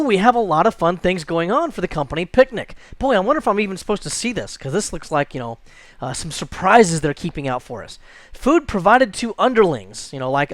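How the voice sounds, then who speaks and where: A man teaching a screen-recorded software tutorial, chatty and jokey, thinking aloud as he clicks through. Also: a little high, no room sound. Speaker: computer instructor.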